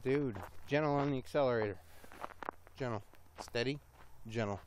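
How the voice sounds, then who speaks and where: A man's voice: mid-range voice, moderate pace, background noise. A man vlogging casually while walking outdoors along a road, rambling and swearing to himself, a little giddy and hyper.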